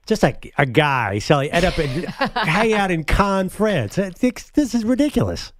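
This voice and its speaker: Animated radio co-host man. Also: high voice, measured pace, dry recording, studio quality. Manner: animated, teasing. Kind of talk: sports radio chat.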